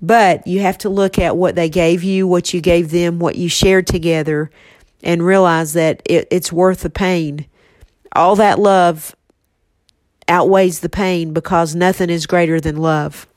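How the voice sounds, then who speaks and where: A woman with a somewhat low voice speaks tenderly and reflectively, her words halting now and then as she gets choked up. The sound is close and dry, with no room around her. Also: steady tone, darkish tone, no echo. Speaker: host remembering a late friend with her mother. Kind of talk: casual heartfelt conversation.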